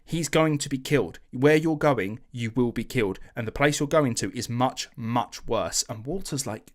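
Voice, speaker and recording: Swearing, animated storyteller man. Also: mid-range voice, normal speed, hardly any pauses. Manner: animated, swearing, acts out quotes in slangy voices. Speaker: podcast host telling a history story. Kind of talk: casual storytelling chat.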